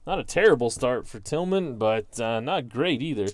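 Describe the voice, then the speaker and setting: Speaking at normal speed with an animated, medium-pitched voice and no echo, this man runs his own channel and calls a tabletop baseball simulation play by play. Each dice result gets read aloud, then narrated like a broadcast, now and then with a self-deprecating aside.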